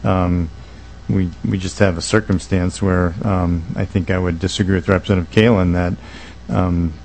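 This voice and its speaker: A man with a very deep voice speaks in a legislative committee room. His delivery stays level and monotone, earnest and measured, and he stumbles through frequent "uh"s and "um"s as he makes his case. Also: a little hiss or hum, low-quality recording. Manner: halting, many uh and um fillers. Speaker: state legislator. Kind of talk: committee hearing testimony.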